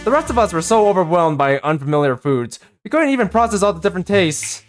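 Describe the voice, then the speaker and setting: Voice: mid-range voice, very animated, fast, faint music behind. A reader narrating a game's story aloud, with frequent fillers and restarts.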